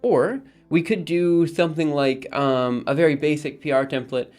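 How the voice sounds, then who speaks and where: Upbeat male streamer, a touch high-pitched, chats loosely with viewers while coding; soft music under him. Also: normal speed. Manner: rambling, upbeat, lots of fillers and laughs. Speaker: livestream host. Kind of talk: casual coding livestream chat.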